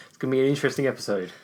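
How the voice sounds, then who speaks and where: A sober man co-hosting a casual podcast, teasing his partner with dry, short remarks. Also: medium pitch. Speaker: podcast co-host.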